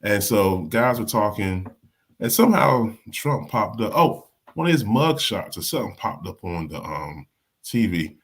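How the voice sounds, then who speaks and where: Male host, low-ish voice with wide swings, animated and repetitive, casual live-stream political chat. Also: unhurried, husky. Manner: animated, repeats words, acts out quotes. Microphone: live stream mic.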